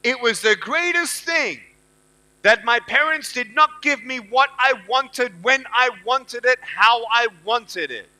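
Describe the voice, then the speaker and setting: A man in his thirties giving an inspirational speech to a live audience. He talks emphatically, repeats lines to the crowd, and swings between loud bursts and hushed storytelling. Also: extremely high pitch, expressive, takes it slowly. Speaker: motivational speaker.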